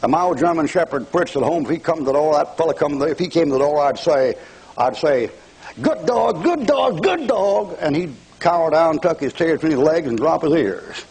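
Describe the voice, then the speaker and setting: A man's voice: a little high, a little fast, a little mellow, rough recording. An older man preaching a televised fire-and-brimstone sermon, mocking and taunting his audience with bursts of laughter.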